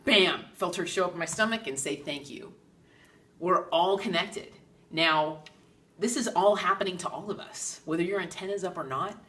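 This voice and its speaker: Low-voiced woman medium, bright and distant. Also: normal speed. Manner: animated, acts out quoted dialogue in raised voice. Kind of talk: casual storytelling monologue.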